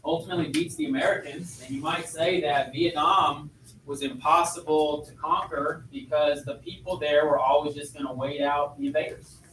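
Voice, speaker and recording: A man's voice: a little high, steady tone, moderate pace, a bit bright, a little hiss or hum. A man teaching a history class in a chatty lecture style, asking his students questions as he goes. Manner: conversational, asks students questions. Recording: echoey classroom, voice from far off.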